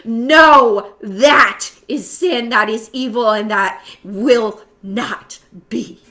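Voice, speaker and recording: A woman's voice: fairly high pitch, extremely slow. Fervent woman leading prayer. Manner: swings from loud fervent calls to soft whispered prayer. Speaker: prayer group leader. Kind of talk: spoken prayer and encouragement.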